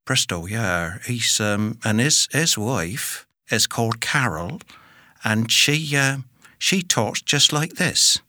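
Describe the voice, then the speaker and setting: Bright-voiced man hopping between British accents. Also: medium pitch, expressive, no echo, studio quality. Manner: filled pauses, chatty tour-guide framing. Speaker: voice actor. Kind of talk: accent demo reel.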